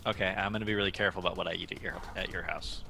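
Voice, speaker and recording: A man's voice: low voice, fairly even intonation, racing, vocal fry, pushed and bright, soft background music. A man playing his character in a tabletop game, sarcastic and exasperated in his banter. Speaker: player. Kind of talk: in-character tabletop role-play.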